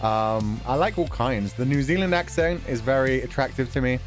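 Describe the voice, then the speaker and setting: A young British man hosting a relaxed stream chat, reading viewer donations, laughing often and swearing casually. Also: medium pitch, moderate pace, faint music behind. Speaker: streamer host.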